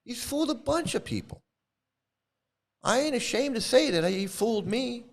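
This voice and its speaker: His voice is extremely high-pitched, with lively intonation and a normal speaking speed. This middle-aged man runs his own YouTube channel and, during a live stream, angrily rants and swears at commenters in a confrontational, profane way.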